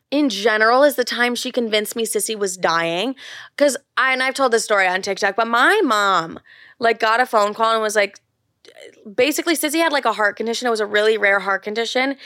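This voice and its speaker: A woman's voice: fairly high pitch, fairly bright tone, no room sound, studio quality. A young woman in her twenties hosting a solo podcast, telling stories candidly with lots of "like" and swearing. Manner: candid storytelling, heavy filler "like", frequent swearing. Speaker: podcast host. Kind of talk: casual solo podcast chat.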